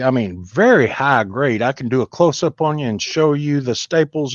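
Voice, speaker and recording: A man's voice: mid-range voice, lively intonation, normal speed, few pauses, dry recording. A man chatting casually on a live stream, rambling in a folksy way as he talks to viewers. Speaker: comic book collector hosting a live stream. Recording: dull lo-fi dry sound.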